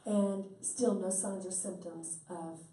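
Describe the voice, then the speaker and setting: Woman storyteller, folksy and chatty, mellow tone, picked up from across a roomy space. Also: mid-range voice, steady tone, takes it slowly, slight background noise. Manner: folksy, chatty, quotes people in dialogue. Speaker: speaker promoting stem cell treatment. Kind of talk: animated storytelling talk. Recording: roomy sound from a distant mic.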